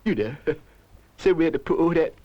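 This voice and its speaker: A man's voice: fairly high pitch, expressive, brisk. A man voicing a deferential, crafty chauffeur-butler who speaks in working-class phrasing to his lady, in an old puppet series. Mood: sheepish. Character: male chauffeur-butler, middle-aged, deferential but crafty. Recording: dull lo-fi archive audio with faint noise.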